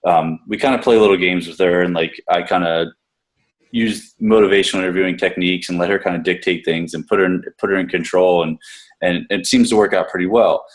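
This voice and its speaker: A man's voice: low voice, a little fast. A man, a gym coach, talking casually and at length about a client, with many restarts and casual swearing. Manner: rambling, profane, many restarts. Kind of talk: casual podcast discussion.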